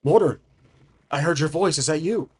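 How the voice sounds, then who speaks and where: An elderly father in a solo tabletop game, voiced by a man, rejoicing to hear from his grown son. His voice sits a bit higher and livelier than the narrator's own, and he speaks with warm relief. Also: normal speed, slightly rough. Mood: surprised.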